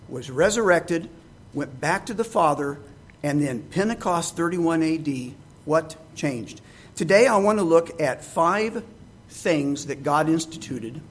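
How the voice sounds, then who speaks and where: A man's voice: fairly high pitch, slight background noise. A man preaching a sermon, reading scripture aloud and asking his listeners rhetorical questions.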